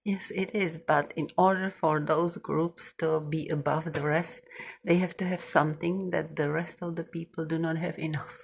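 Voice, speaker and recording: A woman's voice: sits low, steady tone, normal speed, gravelly, a little hiss or hum. A woman who works as a care worker, explaining plainly in casual chat and answering with short agreements.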